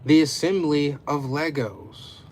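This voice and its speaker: Slow, higher-voiced man reading a story. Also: darkish tone, slight background noise. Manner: casual, unpolished, stops to comment on his own reading. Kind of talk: casual reading of a homemade story.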